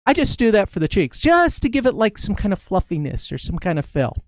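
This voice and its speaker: A man's voice: high voice, sing-song, fairly quick, no room sound. A man casually talking viewers through drawing a face on a balloon in a live-stream tutorial, narrating each step as he goes. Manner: chatty, talks through each step as he draws.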